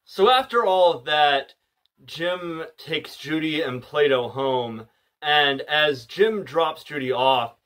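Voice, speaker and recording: A man's voice: medium pitch, fairly bright tone. A man casually retelling a film's plot, full of "like" and "you know" fillers. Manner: loose and chatty, many "like" and "you know" fillers. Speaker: movie reviewer.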